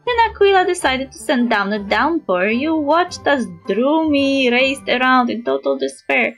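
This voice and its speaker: A woman streaming a game, reading its text aloud in an animated, giggly, expressive way. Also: sits high, moderate pace, hardly any pauses, faint music behind.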